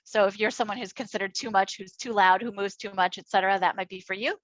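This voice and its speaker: A middle-aged woman from Minnesota leading an online workshop on inclusive education, enthusiastic and chatty with quick asides. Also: mid-range voice, fairly even intonation, fairly bright tone, no echo, dull audio. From Minnesota, United States. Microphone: computer mic on a video call.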